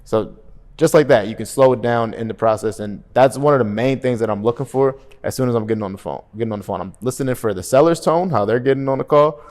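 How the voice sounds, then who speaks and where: A man giving an energetic, emphatic sales coaching talk, often checking in with "right?" and acting out phone calls in different tones. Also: mid-range voice, fast talker. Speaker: real estate sales coach.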